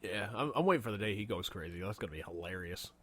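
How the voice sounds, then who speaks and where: A man's voice: low-pitched, lively intonation, fast talker, fairly bright tone. A man co-hosting a casual comedy podcast, laughing often and swearing freely as he riffs. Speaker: podcast co-host. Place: Boston area.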